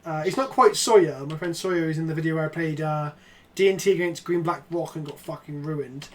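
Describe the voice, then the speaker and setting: A man, streaming a card game in casual, jokey chat that breaks into loud excited outbursts. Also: fairly high pitch, fairly quick, a crowd in the background. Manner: swearing, joking, excitable outbursts.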